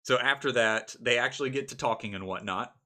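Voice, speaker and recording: A young man recounting his first tabletop game session as game master, animated and laughing often. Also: mid-range voice, brisk. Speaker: game master telling a story. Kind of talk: casual storytelling vlog.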